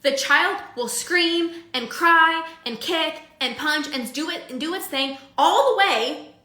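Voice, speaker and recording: A woman's voice: high voice, lively intonation, takes it slowly, bright, forceful tone, reverberant. A young woman coaching her audience in a casual live-streamed talk, chatty with filler likes and everyday analogies. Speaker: binge eating coach.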